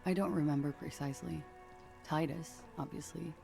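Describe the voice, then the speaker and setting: An actress voicing a weary, guarded young woman in a video game, speaking in a low-key, tired manner. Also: steady tone, normal speed, creaky, darkish tone, faint music behind. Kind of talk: game character voice acting.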